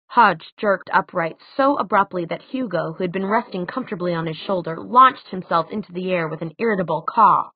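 Woman audiobook narrator, lowish voice, measured reading, dry thin phone-like sound. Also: husky, no echo. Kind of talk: scripted fiction narration.

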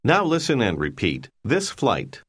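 A man narrating a language lesson in a slow, clear instructional way. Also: mid-range voice, huge pitch swings, fairly bright tone.

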